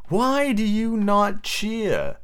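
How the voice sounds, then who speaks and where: A man voicing a boastful boy leader, declaiming slowly and grandly. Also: fairly high pitch, lively intonation, clear, resonant tone, exaggerated voice. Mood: proud, troubled. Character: boastful boy leader Peter, proud and commanding.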